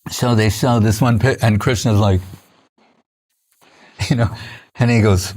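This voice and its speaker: An older man giving an informal spiritual lecture, telling stories conversationally with many restarts and soft laughs. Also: lowish voice, slow pace, pauses often. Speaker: spiritual teacher.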